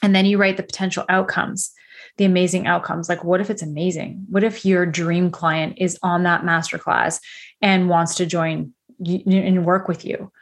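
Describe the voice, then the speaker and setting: A woman in her thirties giving a candid, energetic motivational talk as a coach, full of casual fillers. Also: fairly low pitch, moderate pace.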